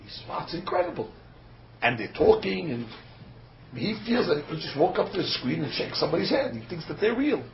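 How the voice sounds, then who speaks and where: A man's voice: a little high, sing-song, brisk, a little hiss or hum. A man preaching in a sermon that mixes in a story, emphatic and full of rhetorical questions, sometimes stumbling on fillers. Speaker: rabbi giving a sermon. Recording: dull lo-fi recording with faint ambience.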